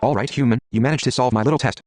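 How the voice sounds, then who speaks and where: A man's voice: mid-range voice, very fast, darkish tone, dry recording, lightly acted. A man voicing a seductive female gorgon with snake hair, teasing and patient, read close to his own voice in a game playthrough. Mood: matter-of-fact.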